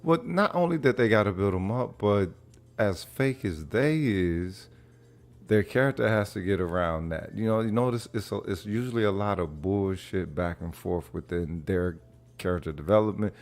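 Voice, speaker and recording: A man's voice: fairly low pitch, animated, moderate pace, a little mellow. A man in casual group chat, wry and sarcastic, speaking with animation.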